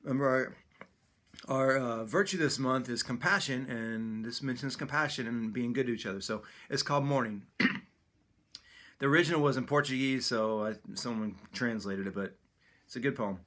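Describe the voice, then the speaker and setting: A middle-aged man at a medium pitch talks through casual announcements. He sounds easygoing and friendly, with small fillers and restarts. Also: moderate pace, fairly bright tone.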